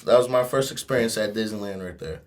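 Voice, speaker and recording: A man's voice: lowish voice, quick pace. A man from Fresno, California, a guest on a podcast, telling rambling, profane stories in a laid-back way. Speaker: podcast guest, tuba player. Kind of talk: casual chat, storytelling.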